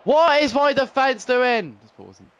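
A young man commentating his own football video game play, swinging between frustrated groans and excited shouts. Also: very high-pitched, a little slow, smooth, dry recording, highs cut off. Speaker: gaming YouTuber. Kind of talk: live gameplay commentary.

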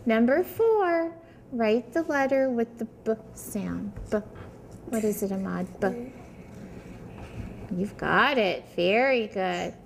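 A fairly high-pitched woman teacher with a gravelly, creaky texture in her voice. She talks young children through letter sounds and handwriting at a classroom table, patient and encouraging, with frequent praise. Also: animated, takes it slowly, pauses often, slight background noise.

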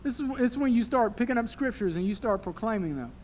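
A young man preaching a sermon at a church service, animated and emotional, later praying softly. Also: extremely high pitch, fast, a little hiss or hum. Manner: animated, emotional preaching that drops to a soft prayer. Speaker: pastor.

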